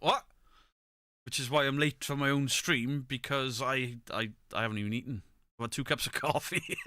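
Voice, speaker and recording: A man's voice: mid-range voice, sharp tone, clear, resonant tone, dry recording. A middle-aged man, chatting casually on a live stream, greeting viewers by name and swearing freely. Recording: close mic, dry room.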